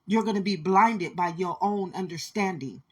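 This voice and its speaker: Woman preaching hard at her listeners, husky breathy voice, keeps hammering the same lines. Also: lowish voice, normal speed, a little mellow. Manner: intense, repetitive, preachy, addresses listeners directly. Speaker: spiritual speaker. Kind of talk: impassioned spiritual monologue.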